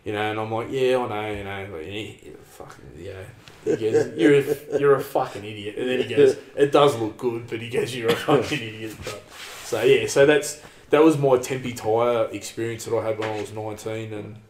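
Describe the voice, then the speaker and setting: A man's voice: fairly low pitch, steady tone, moderate pace, a little mellow, roomy sound. An Australian man telling a long story in casual chat, rambling and sweary, peppering his talk with "man" and "like".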